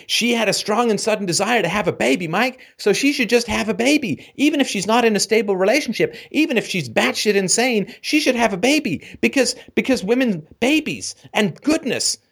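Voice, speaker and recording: A male host of a call-in show rants sarcastically and with animation. His slightly high voice swoops up and down in lively jumps. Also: brisk, few pauses.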